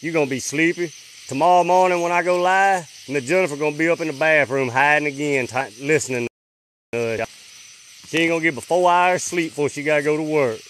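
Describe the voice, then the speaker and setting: The host of this late-night phone livestream from a rural farm speaks fairly quickly, his voice on the high side, with slight noise in the background. He reels off viewers' names in a drawl, then falls to a hush as he listens for sounds.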